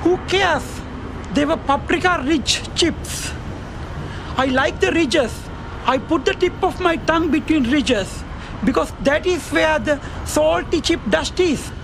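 A man's voice: very high voice, slow pace, gravelly, exaggerated voice. An actor playing an odd man who grumbles about chips and bluntly repeats one word, in a film comedy. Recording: outdoor street noise, passing cars.

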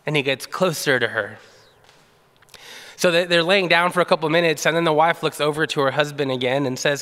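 A man's voice: fairly high pitch, fairly quick. Conversational male pastor in a reverberant hall. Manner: relaxed, conversational, with fillers. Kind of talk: sermon with storytelling.

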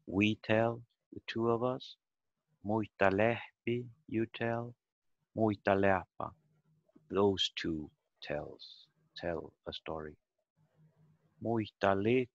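A man leads a beginner language lesson over a video call, methodical and patient as he sounds words out syllable by syllable. His voice is low and gravelly and his delivery is slow. The audio is dull and lo-fi, with a close, dry sound. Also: no room sound. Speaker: language teacher.

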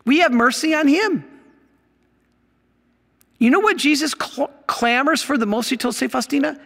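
A man, a Catholic priest, teaching his audience from slides in an animated way, with many rhetorical questions. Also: extremely high pitch, gravelly. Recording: long hall reverb.

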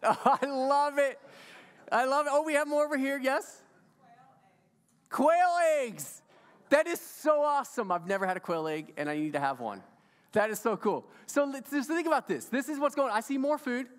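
A man's voice: extremely high pitch, lively intonation, brisk. A male pastor preaching a sermon with a playful, enthusiastic manner and chatting with his congregation. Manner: enthusiastic, playful, audience interaction. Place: church sanctuary. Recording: long church hall reverb.

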